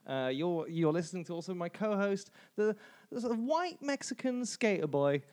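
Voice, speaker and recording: A man's voice: high-pitched, lively intonation, normal speed, a little mellow. A man hosting a podcast, chatting casually and joking in rambling banter. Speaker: podcast host. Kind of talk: casual chat.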